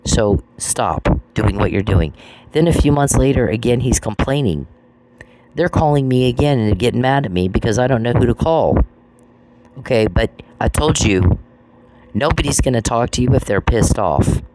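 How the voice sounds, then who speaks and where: Directing his fury at a single person, a man curses and keeps repeating his accusations. He speaks at a normal speed in a mid-range, somewhat dark voice with lively intonation. Clicks and noise mar the recording.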